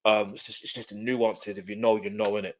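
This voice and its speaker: A man from South London with a South London accent, chatting loosely on a reaction live stream, animated and rambling, repeating his phrases. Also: lowish voice, a little fast, slight background noise. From South London, England.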